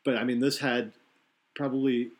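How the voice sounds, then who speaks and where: Man, casual chat, rambling, self-correcting, mid pitch. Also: little pitch movement, moderate pace.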